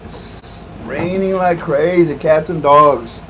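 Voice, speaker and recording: Chatty guy on a livestream, slow easygoing talk, cracking jokes and laughing a lot, bit of faint noise behind. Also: a little high, a bit bright, low-quality recording. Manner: jokey, laughs often, chatty with viewers. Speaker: livestream host. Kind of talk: casual livestream chat.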